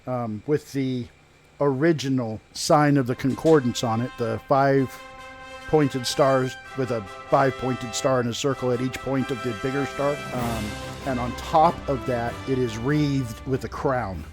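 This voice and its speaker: A man running a tabletop game as game master, narrating the scene in a halting, measured way with pauses and restarts. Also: medium pitch, steady tone, music in the background.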